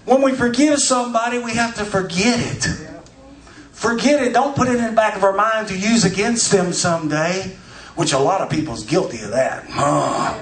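A man preaching a sermon as pastor, building to shouts as he goes. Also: high voice, moderate pace. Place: church. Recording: echoey church from far off.

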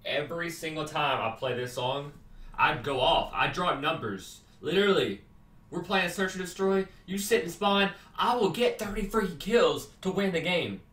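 A young man in a comedy skit, brashly trash-talking over game voice chat and swinging between yelling and mumbling. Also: on the high side, expressive, moderate pace, recorded from a distance. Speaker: gamer. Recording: roomy echo, voice set back from the mic.

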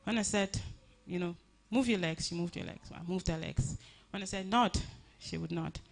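A woman giving a personal tribute at a funeral service, telling her story earnestly with many halting restarts. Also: lowish voice, gravelly.

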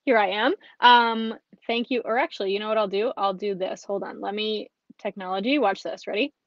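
A woman's voice: medium pitch, fairly quick, dry recording. A woman hosting a live card-making tutorial, chatting casually and reading viewer comments between steps. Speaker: stamping and card-making host. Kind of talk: live craft tutorial with chat. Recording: dull, slightly lo-fi dry stream sound.

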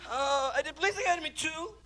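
Man, stand-up comic, shrill and raspy-edged, strained yelps and mutters, noisy old tape, crowd behind. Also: fast talker. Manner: yelping, strained outbursts between mumbled asides. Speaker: stand-up comedian. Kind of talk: live stand-up set. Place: stage in front of a live audience. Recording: noisy VHS concert recording with crowd. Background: audience laughter and crowd noise.

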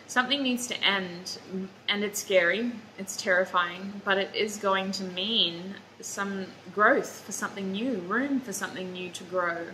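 Sleepy, bright-voiced woman reading tarot. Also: medium pitch, a little hiss or hum, rough recording. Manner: chatty, drowsy, talks to viewers as "you guys". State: sleepy and foggy-headed. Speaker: tarot reader. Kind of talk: casual tarot reading to camera.

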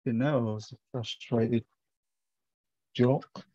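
A man's voice: medium pitch, steady tone, slow pace, dark tone, dry recording, muffled recording. A man giving a casual watercolour painting demonstration, chatty and rambling as he thinks aloud. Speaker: watercolour tutor.

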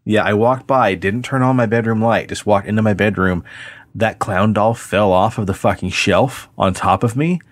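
A man co-hosting a paranormal podcast, telling stories in a profane, animated way. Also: on the low side, moderate pace, no room sound. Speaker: podcast co-host. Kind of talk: casual chat.

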